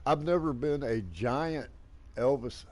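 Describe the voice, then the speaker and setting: A man's voice: medium pitch, takes it slowly, darkish tone. Easygoing Southern American man. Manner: easygoing, agreeable, hesitant. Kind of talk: casual gaming chat.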